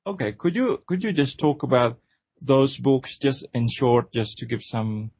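A man's voice: mid-range voice, expressive, unhurried, darkish tone, breathy edge, dry recording. A man hosting a radio interview, asking questions hesitantly with many fillers. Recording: dry, dull lo-fi radio recording.

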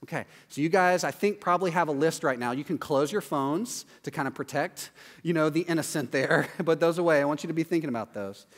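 A man preaching a sermon in a conversational way, often adding quick "right?" asides. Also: fairly high pitch, big-room sound. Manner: conversational, acts out quoted voices, frequent "right?" asides. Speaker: pastor.

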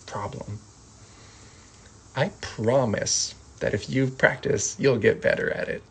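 Male teacher, unhurried, repeats words patiently; faint hiss behind. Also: mid-range voice, rough recording. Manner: calm, repeats each word, gentle asides. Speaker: sign language teacher. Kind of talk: slow vocabulary lesson.

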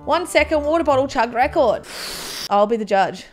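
A woman's voice: high voice, expressive, moderate pace, faint music behind. A young woman doing chatty, mock-dramatic reaction commentary as a YouTuber.

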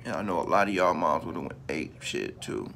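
A man's voice: low-pitched, lively intonation, moderate pace, creaky, a bit bright, a little hiss or hum. A man vlogging in a casual, profane rant, repeating himself for emphasis and talking straight to his viewers. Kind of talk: casual ranting commentary to camera.

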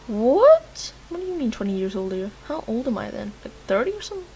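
A woman's voice: on the high side, very animated, very fast, a little hiss or hum. A young woman with a Lithuanian accent, a native Lithuanian speaker doing let's-play commentary, laughing, swearing and joking at the screen. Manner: loud, giggly, cursing, joking at the screen. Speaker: gamer.

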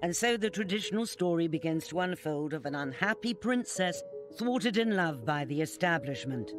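A man's voice: fairly high pitch, animated. Formal male documentary narrator over music. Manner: measured, formal.

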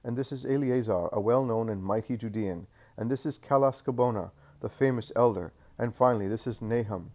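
A self-important temple scribe with a bombastic, pompous delivery, as a male reader puts him on. He speaks down to others in a middle-pitched male voice, a figure in a read-aloud story. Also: a little fast, a little mellow, lightly acted.

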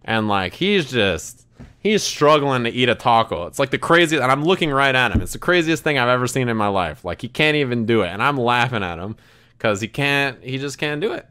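A man's voice: medium pitch, expressive, fairly quick, pushed and bright, clean tone. A man streaming, telling a rambling, laughing story in casual chat, full of "like" and restarts. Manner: rambling, laughing, heavy use of "like".

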